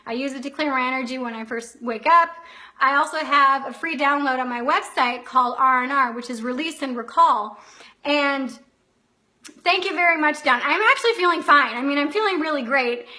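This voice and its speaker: A woman's voice: sits high, moderate pace, bright, forceful tone. A middle-aged woman, host and anxiety coach, telling a story in a chatty live-stream talk and acting out her own reactions.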